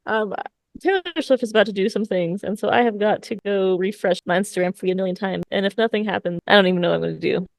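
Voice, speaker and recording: A woman's voice: medium pitch, steady tone, quick pace, creaky, no echo. Laughing, joking woman podcast co-host. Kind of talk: casual chat.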